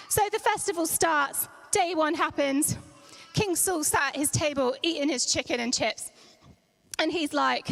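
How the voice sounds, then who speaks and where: Playful high-voiced woman storyteller. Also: measured pace, gravelly, a bit bright, faint music behind. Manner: playful, slangy, dramatic asides. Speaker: children's church leader. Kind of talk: lively storytelling for children. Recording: church hall reverb.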